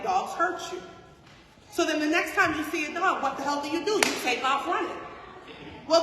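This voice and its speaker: A woman teaching a class as a spiritual teacher, talking conversationally with rhetorical questions and "right?" checks. She swings between soft asides and loud emphasis. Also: sits high, noisy background. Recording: echoey hall from far off.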